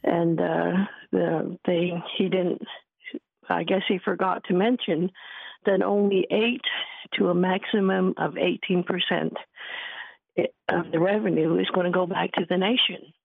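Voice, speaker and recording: A woman calling in to a radio show as a petition organizer, speaking in a steady, plain way with many fillers. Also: fairly low pitch, a little slow, vocal fry, breathy edge, no echo. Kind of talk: call-in radio comment. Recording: tinny phone line, dry.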